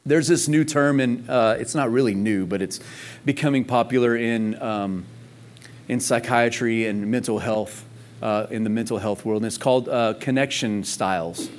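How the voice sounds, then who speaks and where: A man's voice: medium pitch, normal speed. A man preaching a sermon in a casual, conversational way, full of rhetorical questions and emphasis. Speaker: pastor. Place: church service in Texas.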